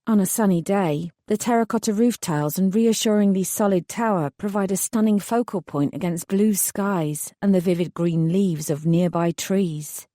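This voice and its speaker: A woman narrating a romantic fantasy audiobook in the first person with even, measured storytelling. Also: lowish voice, dry recording, clean studio sound.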